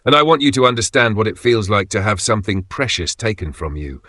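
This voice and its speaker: A man's voice: on the low side, very animated, sharp tone, no room sound, full character voice. A man reading as a cold vengeful woman. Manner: cold, measured threats.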